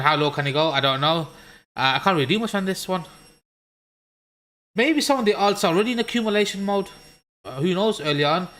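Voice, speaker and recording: A man's voice: a little high, bright, forceful tone. A man with a Birmingham accent casually talking through crypto charts on a live stream, chatty and joking, swearing at the chat now and then. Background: washing machine noise.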